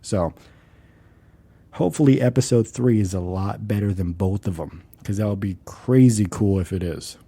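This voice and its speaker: Dark-voiced, swearing podcast host. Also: male voice, on the low side, moderate pace, husky, dry recording. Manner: profane, rambling, enthusiastic. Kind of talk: casual solo podcast monologue.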